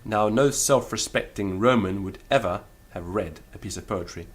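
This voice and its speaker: A man teaching Latin in a lecture, deliberate and careful, sounding out syllables one by one. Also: on the low side. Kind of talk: spoken lecture.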